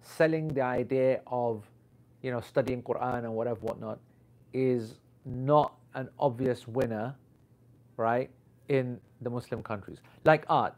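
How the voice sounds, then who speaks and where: A man telling a rambling story in casual chat, lively and full of slang as he teaches and recalls his classes. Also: medium pitch, unhurried. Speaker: Islamic teacher. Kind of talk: casual anecdote.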